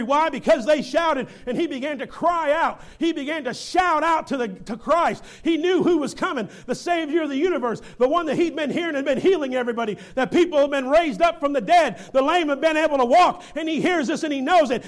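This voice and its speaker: A male preacher with a strikingly high voice delivers a fervent sermon in a church. He moves between scripture reading and loud, rising exhortation. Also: lively intonation, brisk, few pauses. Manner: fervent, builds to shouting.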